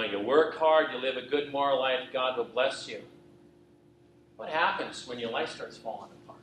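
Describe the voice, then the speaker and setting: A man's voice: mid-range voice, a bit bright. Middle-aged man, earnest testimony sermon, heavy hall echo, distant from the mic. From western Canada. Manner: earnest, repetitive, asks listeners "right?". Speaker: pastor giving a testimony. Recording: echoey hall from far off, faint noise.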